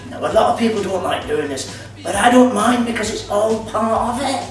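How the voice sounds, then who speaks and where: A man's voice: sits high, expressive, normal speed. A man with a Scottish accent hosting a casual cooking demonstration, chatty and sprinkling his talk with "all right" and "aye". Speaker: cooking show host. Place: kitchen at an activity centre. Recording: echoey room, mic far off, music behind.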